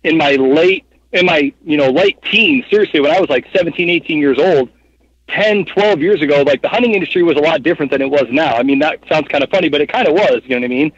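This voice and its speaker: A man's voice: on the high side, quick pace, breathy edge, no echo. Chatty thirties man, dry muffled sound. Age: 30s. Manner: rambling, filler-heavy, animated retelling. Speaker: guest. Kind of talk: casual storytelling interview. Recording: dull, muffled podcast audio.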